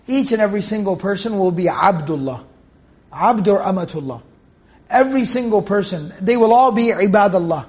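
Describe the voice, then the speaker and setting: High-voiced man teaching on a dull recording. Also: expressive, a little fast, a little mellow. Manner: explains Arabic terms patiently and corrects himself mid-sentence. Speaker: Quran teacher. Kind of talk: Quran commentary lesson.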